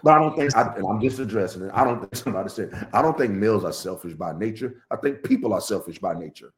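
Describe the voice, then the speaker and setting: A middle-aged man talking in a casual podcast chat, animated and laughing often as he tells a story. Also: quick pace. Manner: animated, laughs often, jumps high when excited. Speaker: podcast guest.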